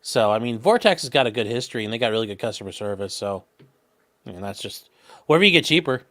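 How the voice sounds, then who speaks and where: Lively man reading stream messages. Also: fairly low pitch. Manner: quick, offhand reading of viewer messages. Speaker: stream host reading super chats. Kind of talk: casual livestream chat.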